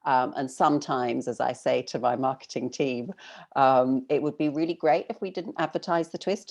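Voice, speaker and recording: A middle-aged woman with a British accent, chatting casually as a novelist guest in an interview, thoughtful and quick to laugh. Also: a bass voice, darkish tone. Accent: British English.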